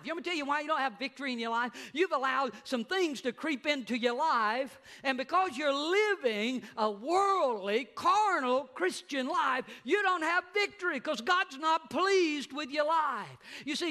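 A middle-aged man preaching a sermon as pastor in a church, emphatic, slowing down to stress words and rising to shouts. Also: very high voice. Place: church sanctuary.

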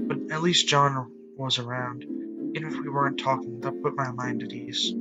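A man with a mid-range voice hosts a let's play of a visual novel, softly reading its narration and breaking off for loud joking asides while deciding what to do. The audio quality is poor, with faint game music underneath.

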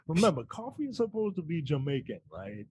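A man's voice: a little high, very animated, a little fast, a little mellow, breathy edge. A man co-hosting a podcast, casually recapping movie scenes with slang and fillers. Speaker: podcast co-host. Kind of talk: casual film review chat.

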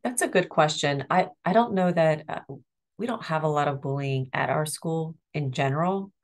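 A middle-aged woman with a low-pitched voice talks earnestly as an interview guest. She explains school discipline with empathy, pausing to demonstrate tones. Her delivery is steady and sincere. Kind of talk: interview conversation.

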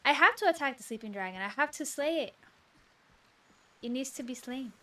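A woman streamer reacting to a game she is playing, full of excitable yelps, exclamations and giggles. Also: sits high, brisk. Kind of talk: live gameplay commentary.

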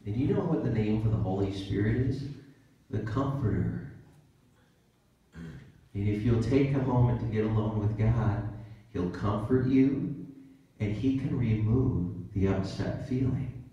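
Pastor, male, low dark voice, casual preaching that acts out little scenes, recorded from a distance in a roomy church. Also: a little slow, pauses often, muffled recording. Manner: conversational preaching with acted-out quotes. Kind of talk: sermon.

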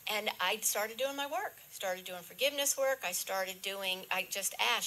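An older woman, a grandmother, telling a personal spiritual story to an audience in a slow, earnest way that drops to a soft hush at reflective moments. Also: medium pitch. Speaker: guest speaker.

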